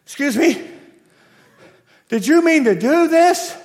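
A man's voice: a little slow, fairly bright tone. A man doing a squealing tired waitress lady. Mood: excited. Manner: complaining, then gushing in a high falsetto. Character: worn-out middle-aged woman waitress, weary. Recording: long hall reverb.

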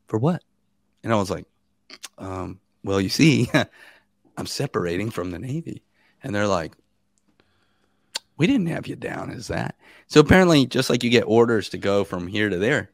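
A man in his thirties, a guest on a podcast, telling stories in a casual and animated way, laughing and acting out what people said. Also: lowish voice, creaky, no echo, clean studio sound.

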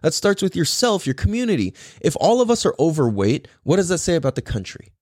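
A man's voice: a little high, quick pace, dry recording, studio quality. A man from the United States hosting a podcast, ranting casually, cursing a lot and laughing often. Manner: profane, animated, laughs often. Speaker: podcast host.

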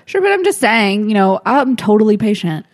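A woman's voice: medium pitch, sing-song, normal speed. A woman with a mid-range voice in casual conversation as a co-host. She retells events with animation, slipping into acted quotes of what others said. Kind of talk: casual chat.

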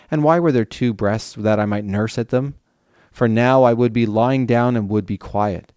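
Job, an old man crushed by grief, cursing the day he was born in a low, sober voice, as a man reads him aloud. The delivery is measured and solemn. The sound is dry and close. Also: mellow, no echo, lightly acted. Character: suffering old man cursing his birth.

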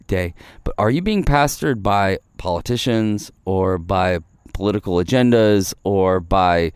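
Male pastor, conversational devotional delivery, animated pitch, dry close sound. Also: dry recording. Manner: earnest and conversational, peppered with "like", voicing Jesus in asides. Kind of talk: devotional sermon.

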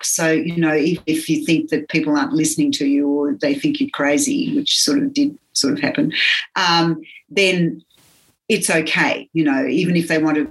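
Older aussie lady, real low voice, talks slow and earnest, lots of pauses. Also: low-quality recording. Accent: Australian. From Australia. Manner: earnest, halting, many pauses. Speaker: interviewee, physiotherapy teacher. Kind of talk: reflective interview talk.

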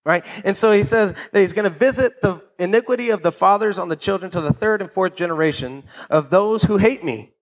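This male pastor preaches briskly in a high-pitched voice, barely pausing, on a rough recording. His style is conversational: he keeps asking "right?" to check on listeners and repeats words as he starts over.

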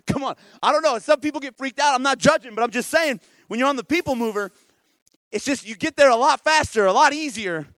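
High-voiced lively preacher man. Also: fairly quick, no echo. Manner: lively, conversational, asks the congregation questions. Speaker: pastor. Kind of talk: sermon.

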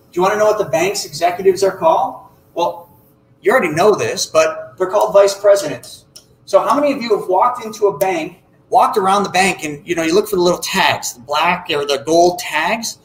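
High-voiced man explaining finance, echoey room. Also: a little hiss or hum. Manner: animated, acts out little dialogues. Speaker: financial educator. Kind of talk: explanatory talk to an audience.

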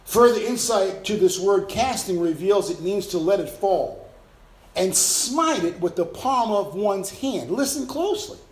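A male preacher with a high-pitched voice delivers his sermon with emphatic bursts and playful sound effects. The sound rings out with a roomy echo. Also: animated, unhurried.

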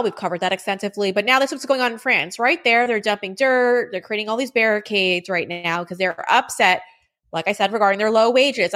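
A woman hosting a news commentary show, presenting stories and interviewing a guest in a brisk, direct manner. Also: a little high, a bit bright. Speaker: show host.

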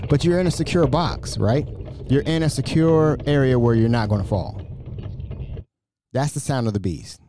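A man hosting a casual solo podcast, excitable and stumbling over repeated words, his voice a little raspy. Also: mid-range voice, dry recording. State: slightly raspy from screaming. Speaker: podcast host.

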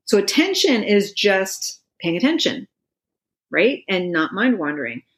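Casting note: a middle-aged woman, relaxed talk-show guest, laughs a lot and says "you know" a lot. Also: medium pitch, a little slow. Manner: laughs often, many fillers like "you know". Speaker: meditation expert guest. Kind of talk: casual conversational explaining.

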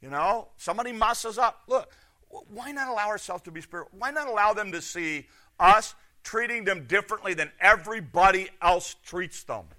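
Bright-voiced preaching man. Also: high-pitched, normal speed. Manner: animated, rhetorical questions, swings between loud and soft. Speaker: pastor. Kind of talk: sermon.

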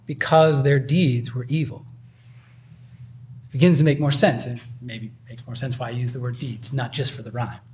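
A man's voice: mid-range voice, fast talker, hardly any pauses, a little mellow, a little hiss or hum. A man preaching a sermon in a loose, conversational way, full of fillers. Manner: conversational, uses many filler likes. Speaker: pastor.

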